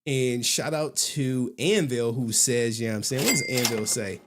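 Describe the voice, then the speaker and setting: A man's voice: medium pitch, normal speed, fairly bright tone. A man hosting a live stream in casual commentary, slangy and laughing, with repeated asides.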